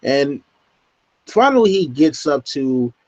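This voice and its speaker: A man's voice: on the high side, very animated, takes it slowly, darkish tone. A man hosting a casual book discussion podcast. He leads the talk loosely and swears freely. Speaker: podcast host. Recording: dull, dry lo-fi podcast audio.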